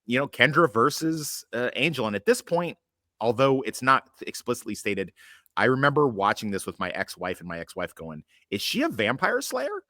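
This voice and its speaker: A man's voice: medium pitch, lively intonation, moderate pace, pushed and bright, no echo, studio quality. A man hosting a podcast in a casual chat, rambling with lots of fillers, swearing freely and tossing in sarcastic asides. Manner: rambling, hesitant, with many fillers and frequent swearing. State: occasional coughing from allergies. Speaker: podcast host.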